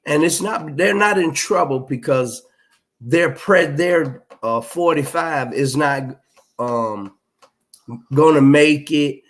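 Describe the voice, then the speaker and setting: A man's voice: fairly high pitch, measured pace. A middle-aged man, hosting a livestream and reading out chat comments in a blunt, emphatic, profane way. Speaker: livestream host.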